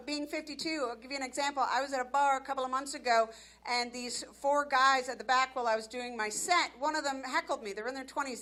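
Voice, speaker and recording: A woman's voice: high-pitched, bright, forceful tone. A woman in her fifties doing a brash, self-mocking stand-up set, working the crowd on a club stage with a handheld mic. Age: 50s. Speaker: stand-up comic. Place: comedy club stage before a live audience. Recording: live club recording with audience noise.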